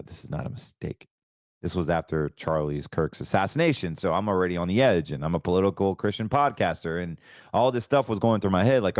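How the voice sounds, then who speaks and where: Male podcast host, middle-aged, very low voice, dry close sound, candid and heartfelt. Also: no echo. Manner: emotional, candid, fervent about faith. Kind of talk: casual personal talk.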